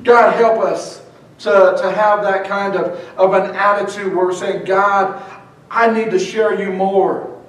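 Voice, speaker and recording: A man with a high voice preaches a fervent sermon as pastor, his words often stumbling and repeating before he pushes on. He is heard from some distance off the mic, and a heavy echo hangs on every phrase. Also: fairly even intonation, measured pace. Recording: very echoey hall, mic far off.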